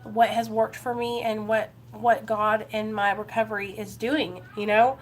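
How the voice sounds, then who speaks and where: A woman's voice: medium pitch, level tone, a little slow, a little hiss or hum. A woman from Ohio talking on a live recovery vlog, earnest and encouraging, speaking straight to her viewers and greeting them by name. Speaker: recovery vlogger. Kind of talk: casual live-stream chat.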